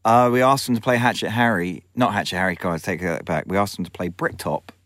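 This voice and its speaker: A man, a film director, telling frank, animated anecdotes in an interview and acting out other people's voices. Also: low voice, fast, dry recording, clean studio sound. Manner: lively storyteller who acts out the voices of others; frank, with swearing and self-corrections.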